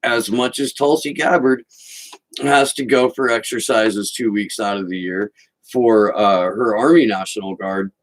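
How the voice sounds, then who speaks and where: A man's voice: lowish voice, a little slow, low-quality recording. A man hosting a podcast, giving sarcastic, mocking political commentary and reading quotes aloud. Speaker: podcast host.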